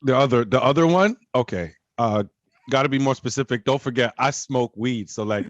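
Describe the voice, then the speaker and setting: A man's voice: medium pitch, moderate pace, dry recording. Canadian podcast guy rambling about food and hoops, dull lo-fi mic, no room sound. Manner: rambling, animated, full of fillers. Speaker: podcast co-host. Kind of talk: casual chat.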